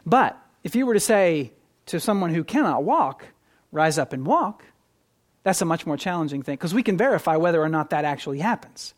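Preacher mid-sermon; emphatic, shifts between punchy stresses and hushed asides, restarts phrases with repeated words. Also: medium pitch, animated, a little fast. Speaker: pastor.

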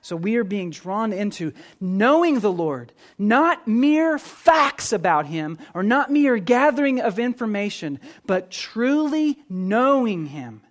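Lively, earnest man preaching a sermon. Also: sits high, slow pace, hardly any pauses. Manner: earnest, animated preaching that swings from soft to emphatic. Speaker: pastor.

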